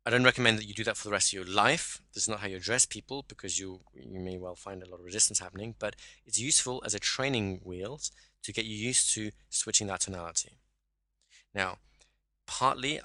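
A man coaches a caller through exercises in a one-to-one session. His voice sits a little low but sounds bright and forward. The sound is dry and close, with no room around it. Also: fast, no echo. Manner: instructive, checks in with "right?".

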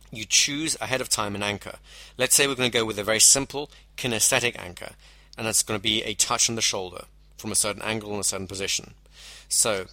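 A man teaches hypnosis in a measured, explanatory way, stretching out the phrases he wants to stress. His voice is low-pitched but bright and forward, recorded dry and close with no room sound. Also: dry recording. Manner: measured, explanatory, with slowed emphasis on key phrases. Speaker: hypnosis instructor. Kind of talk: teaching lecture.

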